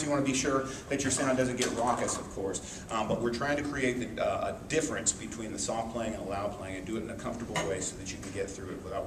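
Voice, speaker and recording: A man with a twang talks through a trumpet etude like a patient band teacher and sometimes sings the phrases out. He sounds far from the microphone in a roomy, echoing space with audible background noise. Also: medium pitch. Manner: relaxed explanatory, sings phrases on syllables. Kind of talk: music lesson explaining an etude. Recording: echoey, distant mic with room noise.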